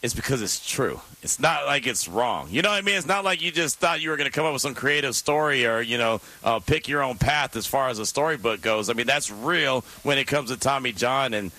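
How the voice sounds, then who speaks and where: A man co-hosts a sports radio show, running through scores and upcoming games. His voice is bright and forceful at a middle pitch, and he talks in an animated, jokey way. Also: a little fast, hardly any pauses, poor audio. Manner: animated, jokey, playful emphasis.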